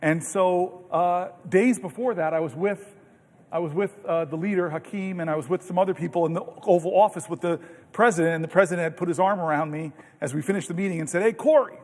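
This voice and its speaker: A man's voice: high-pitched, steady tone, a little fast, a little mellow. A senator in his fifties giving a long floor speech, telling anecdotes with many restarts and self-interruptions. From United States. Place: large legislative chamber. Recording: distant mic in a reverberant chamber.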